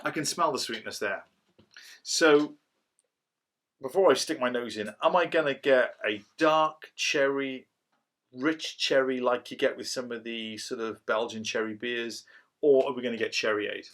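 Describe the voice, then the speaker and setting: A man's voice: mid-range voice, a little slow, fairly bright tone. A middle-aged man, chatting casually through a cider review and rambling as he goes. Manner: rambling, chatty, self-described waffler.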